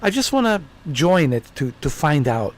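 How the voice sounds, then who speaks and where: A man's voice: fairly high pitch, sing-song, normal speed. Casual male gaming streamer. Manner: casual, playful, talks back to characters. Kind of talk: live game commentary.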